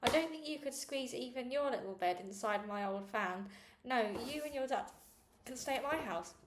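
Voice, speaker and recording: A cheerful middle-aged chip-van owner, put on by a woman reading a storybook, chummy and fond of calling people sweetheart. The voice sits fairly high, and the room gives it a noticeable echo. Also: lively intonation, moderate pace, background noise, natural voice. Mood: jovial. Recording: echoey room.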